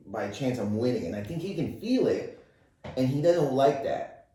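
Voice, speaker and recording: A man's voice: mid-range voice, very animated, moderate pace, warm tone. A man from Canada, a guest comedian, telling a rambling, profane anecdote on a podcast with bursts of laughter. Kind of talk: casual podcast storytelling. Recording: roomy, distant mic.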